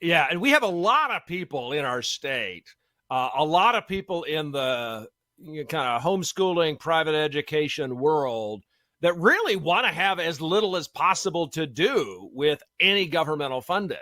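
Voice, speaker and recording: Bright-voiced man. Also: fairly high pitch, big pitch swings, moderate pace, dry recording. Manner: thinks aloud with many fillers and restarts. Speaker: law professor guest. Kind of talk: casual radio interview. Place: radio studio.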